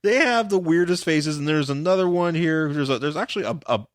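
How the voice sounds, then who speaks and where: A man's voice: on the high side, lively intonation, a little fast, dry recording, studio quality. A man co-hosting a casual comic book podcast, rambling and laughing as he tells the story. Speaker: podcast co-host.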